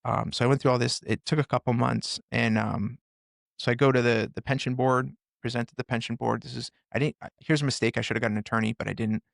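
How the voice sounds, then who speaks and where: A man in his forties, a former first responder, candidly retelling hard experiences on a podcast with intense, animated delivery. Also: medium pitch, fast talker, vocal fry, no room sound, studio quality. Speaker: podcast guest, former police officer and firefighter. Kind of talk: candid personal storytelling.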